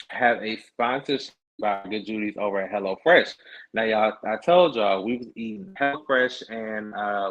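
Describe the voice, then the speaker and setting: A man's voice: on the low side, fairly bright tone. Sassy chatty man, lo-fi stream. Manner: sassy, chatty, slangy asides. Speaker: podcast host. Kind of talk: casual livestream chat. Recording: dull lo-fi stream audio.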